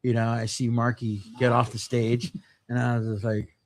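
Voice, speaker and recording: A man's voice: mid-range voice, level tone, normal speed, slight background noise. A middle-aged man telling stories as a podcast guest in casual chat. He rambles and swears constantly as he talks. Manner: profane, rambling, heavy swearing. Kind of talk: casual storytelling.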